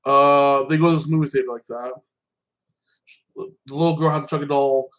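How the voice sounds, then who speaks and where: A man retells a season finale in loose, run-on stretches, circling back with "like that" and dropping swear words along the way. His pitch sits in an ordinary middle range. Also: fairly even intonation, moderate pace, a bit bright, poor audio. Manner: rambling, repeats "like that", swears freely. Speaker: show reviewer. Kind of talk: casual TV episode recap.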